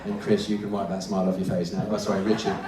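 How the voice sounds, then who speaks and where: Chatty ventriloquist working the crowd. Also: male voice, deep voice, level tone, quick pace, background noise. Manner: chatty, teasing crowd work. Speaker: ventriloquist comedian. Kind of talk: live stand-up with audience participation. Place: large cruise ship theatre stage. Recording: echoey theatre, distant mic, audience crowd.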